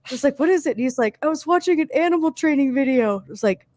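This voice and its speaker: Woman telling animated stories. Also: sits high, fast, no echo. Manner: animated storyteller who acts out quotes. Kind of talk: casual chat.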